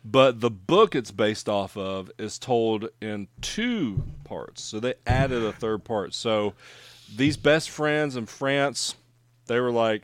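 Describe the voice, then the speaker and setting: A man's voice: fairly low pitch, lively intonation, slow, no room sound. A man chatting casually about movies, rambling with lots of fillers and swearing.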